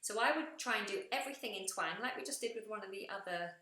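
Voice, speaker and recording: A woman's voice: medium pitch, quick pace, pushed and bright. A woman coaching singing during a live feedback session, explaining technique and sometimes breaking into sung demonstrations. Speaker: vocal coach. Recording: roomy echo.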